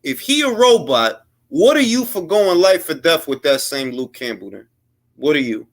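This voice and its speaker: A man with a slightly high voice delivers blunt solo commentary in casual, slangy talk. He sounds heated and opinionated, and now and then mocks others by putting on their voices in quotes. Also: big pitch swings, moderate pace. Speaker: boxing commentary host.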